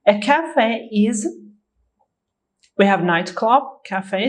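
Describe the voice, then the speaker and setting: A woman's voice: medium pitch, lively intonation, slow, long pauses, poor audio. A woman teaching an English grammar lesson, speaking patiently and repeating each word for learners to practise. Her first language is Azerbaijani.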